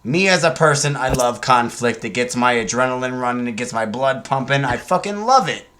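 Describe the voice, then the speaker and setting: Brash, profane young man, bright voice. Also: mid-range voice, animated, fairly quick, a little hiss or hum. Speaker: podcast co-host. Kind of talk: casual chat.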